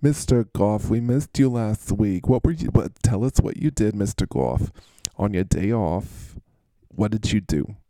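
A man's voice: on the low side, unhurried, mellow, no echo. A man hosting a fantasy football show, breaking down matchups in a playful, teasing and theatrically gushing manner. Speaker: podcast host.

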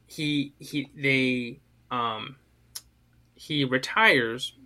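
A man's voice: medium pitch, drawn-out words, bright, forceful tone. A young man co-hosting a podcast, chatting casually in rambling sentences with frequent restarts and some swearing. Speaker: podcast co-host. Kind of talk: casual chat.

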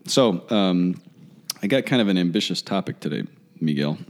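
A man co-hosting a casual talk show about faith, speaking in a halting, rambling way with many restarts. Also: low-pitched, animated. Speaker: podcast co-host. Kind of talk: casual chat.

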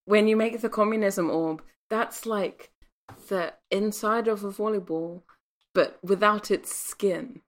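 A woman's voice: medium pitch, unhurried. A woman co-hosting a casual podcast, joking around with playful asides. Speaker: podcast co-host.

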